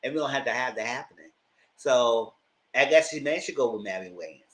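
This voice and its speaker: A man giving casual live commentary on reality TV, animated and sassy, often jumping into a high exaggerated voice. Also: brisk, low-quality recording. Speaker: YouTube TV commentator.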